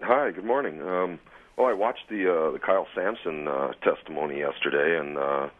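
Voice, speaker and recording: A man's voice: very deep voice, moderate pace. A man calling into a radio talk show, rambling indignantly with many fillers. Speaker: caller. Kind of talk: call-in comment. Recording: tinny phone line.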